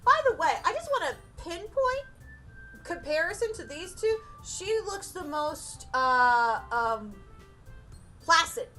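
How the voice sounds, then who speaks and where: A woman's voice: extremely high pitch, very animated, slow pace, pushed and bright, soft background music. A young woman streaming a game, chatting casually and giggling often. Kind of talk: casual chat while playing a game.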